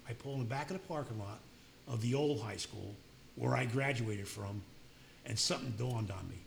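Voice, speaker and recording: Talking a little fast with vocal fry, an older man shares his recovery story at a meeting, plainspoken and imitating the people he quotes. His voice is mid-range, and there's slight background noise.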